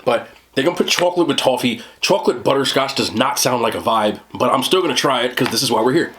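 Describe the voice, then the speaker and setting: A man's voice: mid-range voice, expressive, fast, a bit bright. A man with a New Jersey accent doing a casual food review, blunt, profane and joking.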